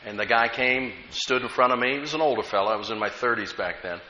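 A man's voice: mid-range voice, quick pace, pushed and bright, slight background noise. An American man preaching a sermon as pastor, telling stories with rising emphasis. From United States. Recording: echoey room, dull lo-fi sound.

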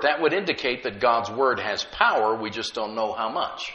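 A man preaching a sermon, emphatic and humorous, slowing down to stress key words. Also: mid-range voice, animated, sharp tone, roomy sound, lo-fi sound. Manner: emphatic, slows down to stress key words, chuckles at own jokes.

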